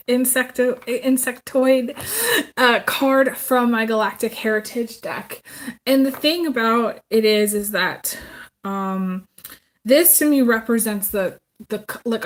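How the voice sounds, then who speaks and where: A woman talks through a tarot reading in a loose, rambling way, full of ums and restarts. Her voice sits at a middle pitch for a woman. She sounds unscripted, finding her thoughts as she goes. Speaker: tarot reader. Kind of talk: casual live tarot reading.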